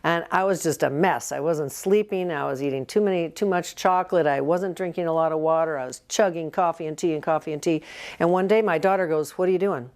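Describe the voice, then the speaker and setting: Older woman nurse practitioner being interviewed, lowish voice, earnest, tells stories and does the voices of people she quotes. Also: a little fast, a little mellow. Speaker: nurse practitioner and health coach, guest. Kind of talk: casual interview talk.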